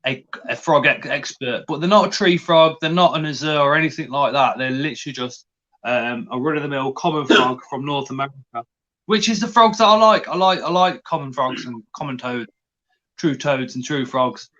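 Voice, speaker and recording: A man's voice: medium pitch, moderate pace, sharp tone, highs cut off. A man hosting a casual livestream, greeting viewers in the chat and talking in a hesitant way with many restarts. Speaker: livestream host.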